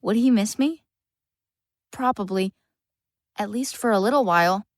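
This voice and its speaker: Bookish lonely boy voiced by a woman, earnest, wry, mid pitch, dry close studio mic, audiobook narration. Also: measured pace, dry recording, lightly acted. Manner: earnest first-person storytelling, wry asides. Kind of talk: full-cast audiobook narration.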